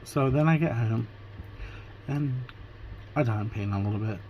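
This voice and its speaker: A man's voice: medium pitch, moderate pace, lo-fi sound, slight background noise. A man vlogging casually from Pennsylvania, retelling his day through quoted back-and-forth conversations. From Pennsylvania, USA. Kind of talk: casual storytelling vlog.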